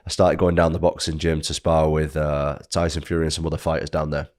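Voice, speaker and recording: A man's voice: rumbling low, flat delivery, brisk, a little mellow. A man in his thirties with an English accent, a guest telling his story in a casual, rambling way with lots of fillers. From United Kingdom. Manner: rambling, filler-heavy, self-correcting. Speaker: guest fighter.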